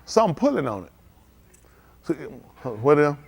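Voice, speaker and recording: Folksy preacher man, slightly high voice. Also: sing-song, moderate pace, creaky, long pauses. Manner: conversational, folksy preaching with sudden loud outbursts; talks straight to the congregation, asking questions. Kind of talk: live-streamed sermon. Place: synagogue service.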